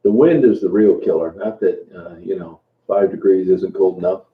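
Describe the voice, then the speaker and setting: A man hosting a casual livestream chat, greeting viewers by name and talking in a relaxed, halting way with plenty of fillers and restarts. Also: deep voice. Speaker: livestream host. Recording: tinny phone-like sound in an echoey room.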